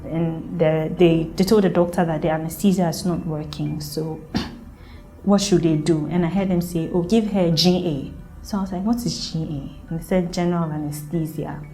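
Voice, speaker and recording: A woman's voice: fairly low pitch, fairly even intonation, normal speed, dark tone, soft background music. A young woman from Ghana telling her own birth story in an earnest, emotional way and acting out the people she quotes. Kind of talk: personal storytelling.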